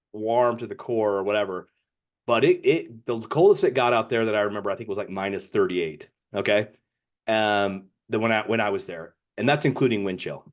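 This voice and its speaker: A man co-hosting a book podcast, talking casually and rambling, often repeating words as he restarts. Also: on the low side. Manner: rambling, repeats words, reads passages aloud. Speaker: podcast co-host.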